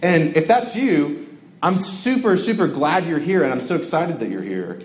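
Casual young preacher in echoey hall. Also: male voice, a little high, very animated, normal speed. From Georgia, US. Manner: conversational, joking, lots of filler words. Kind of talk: casual sermon to a campus crowd. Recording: echoey hall with faint ambience.

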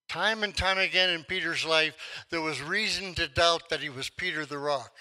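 Older male pastor, 70s, storytelling sermon voice, slightly high and very bright. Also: normal speed, rough recording. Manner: storytelling, acts out quotes with rising force.

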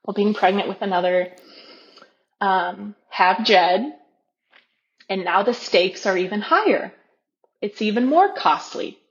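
A woman in her thirties, a podcast guest, telling a personal story candidly and acting out her own inner voice with sudden jumps in pitch. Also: animated, unhurried, pauses often. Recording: dull lo-fi podcast audio.

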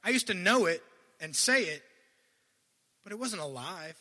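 Bright high-voiced preacher in echoing hall. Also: male voice, measured pace, pauses often. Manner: animated, swings between loud bursts and quiet asides; admits to stuttering and restarting. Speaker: guest preacher. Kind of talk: sermon.

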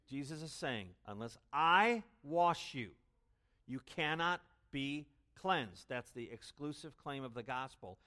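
Male pastor, mid-pitched voice, emphatic sermon delivery with sharp loud stresses and quiet asides. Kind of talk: expository sermon.

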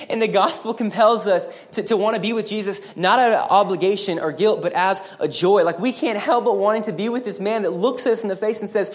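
A man preaching a sermon as pastor, earnest and emphatic, with casual asides to the congregation. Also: a little fast. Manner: earnest, emphatic preaching that rises higher and louder on exhortations; conversational asides and checks with the congregation.

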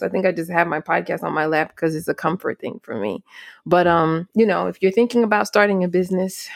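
Female solo podcast host, casual and earnest, advice-giving, gravelly, dry close mic. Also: lowish voice, no echo. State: near tears.

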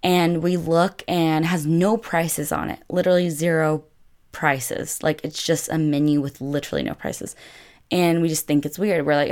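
Young woman, low voice, casual chatty storyteller, heavy on fillers. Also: fairly even intonation, moderate pace, a little mellow. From United States. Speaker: vlogger.

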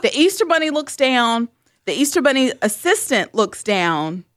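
A woman co-hosting a podcast, telling a story in an animated, chatty way with lots of "um" and "like". Her pitch swings widely from line to line. The sound is close and dry, with no room around it. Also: moderate pace, no echo. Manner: animated, with frequent "um" and "like". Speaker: podcast co-host. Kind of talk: casual storytelling chat.

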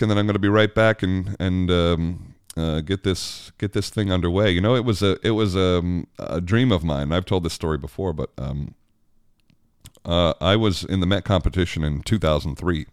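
Deep-voiced man chatting on his podcast. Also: moderate pace, clean tone, dry recording, clean studio sound. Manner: chatty and self-deprecating, with frequent restarts and laughs. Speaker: opera singer and podcast host. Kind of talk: casual solo podcast monologue.

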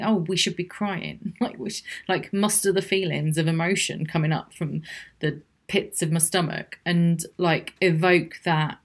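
A woman hosting a solo podcast, talking frankly and reflectively with small laughs. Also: lowish voice. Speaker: podcast host. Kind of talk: candid solo podcast monologue.

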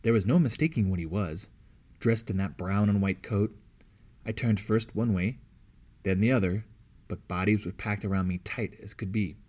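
Male audiobook narrator, low-ish voice, measured and even storytelling read. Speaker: audiobook reader. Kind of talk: scripted novel narration.

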